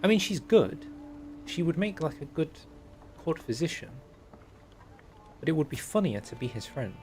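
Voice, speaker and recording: A man's voice: fairly high pitch, sing-song, moderate pace, darkish tone, soft background music. Joking man commentating a strategy game. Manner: joking, reads game text aloud in mock voices. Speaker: game streamer. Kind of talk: casual gameplay commentary.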